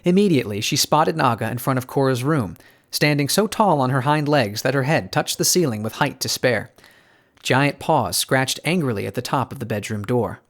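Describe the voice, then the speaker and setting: A man reading an audiobook in an even storytelling tone with hushed tension. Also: mid-range voice, normal speed. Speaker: audiobook narrator. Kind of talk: scripted audiobook narration.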